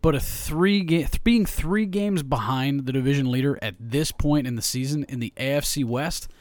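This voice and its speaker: A man co-hosting a sports podcast, chatting casually with a joking, profane, animated way of talking. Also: medium pitch, normal speed, dry recording.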